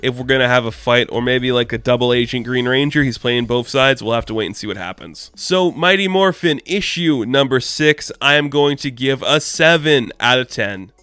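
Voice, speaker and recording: A man's voice: mid-range voice, normal speed, few pauses, pushed and bright, smooth, no room sound. A man giving a casual comic book review, chatty and loose, full of "like" and "you know".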